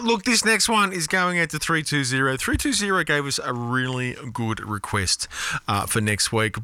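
A man hosts a radio show in a casual, sweary way, earnestly comforting a listener. His voice is bright and forceful, at a middle pitch. The sound is dry and close, with no room echo. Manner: earnest, profane and consoling. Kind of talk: casual on-air chat taking listener requests.

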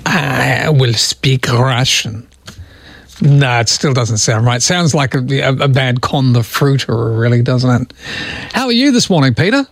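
A man's voice: medium pitch, animated, normal speed, no echo. A middle-aged Australian man hosting overnight talkback radio, chatty and self-deprecating, rambling with fillers. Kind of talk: casual talkback radio chat. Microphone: studio broadcast microphone.

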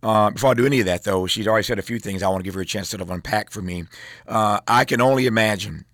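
Low-voiced man hosting an interview. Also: fairly even intonation, racing, no echo, clean studio sound. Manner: thoughtful, hesitant with many fillers. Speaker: radio interview host. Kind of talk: interview questions.

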